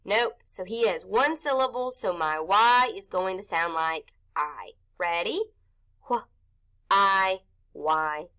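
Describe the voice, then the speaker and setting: A woman's voice: medium pitch, expressive, measured pace, few pauses, a bit bright. A woman teaching an early-grade phonics lesson, patiently sounding out letters and syllables for young children.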